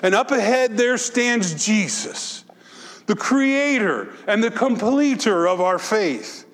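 A man preaching a sermon as pastor, moving between impassioned exhortation and soft, reflective storytelling. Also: high-pitched, lively intonation, slow pace. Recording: long hall reverb.

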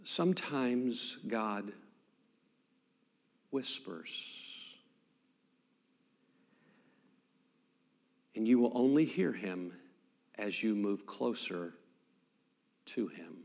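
A man voicing a gentle old pastor who speaks very quietly, almost in a whisper. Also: on the low side, expressive, slow, creaky, pauses often, voice pushed down, full character voice. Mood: hushed. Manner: hushed, near-whispered.

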